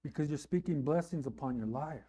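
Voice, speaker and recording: A middle-aged man preaching a sermon in a conversational way, often asking "right?" and rising in pitch and volume on emphatic lines. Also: a little fast, warm tone, slightly rough. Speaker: pastor.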